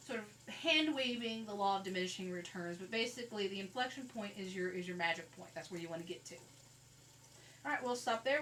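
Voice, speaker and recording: A woman's voice: medium pitch, a bit bright. Woman, math teacher, conversational lecture, a little distant from the mic, faint background hiss. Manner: conversational, walks through calculator steps. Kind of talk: recorded classroom lecture. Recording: faint noise, voice a bit off-mic.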